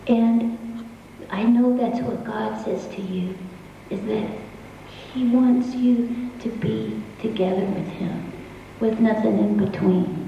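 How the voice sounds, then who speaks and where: A woman singer talking to her audience between songs, in a halting, heartfelt way with many restarts. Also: a little high, fairly even intonation, creaky, dull audio, a little hiss or hum. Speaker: singer on stage. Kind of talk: stage talk between songs. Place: concert hall. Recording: echoey hall from far off.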